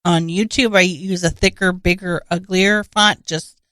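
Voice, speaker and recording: A woman's voice: on the low side, steady tone, unhurried, a bit bright, dry recording. A woman co-hosting a comedy podcast, chatting casually with dry, offhand quips. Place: home room podcast setup.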